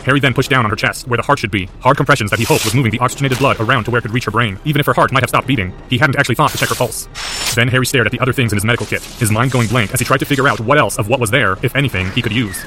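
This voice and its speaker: Narrating fan fiction as an audiobook, a man reads the story aloud in an intense, driven way. His mid-range voice moves very fast.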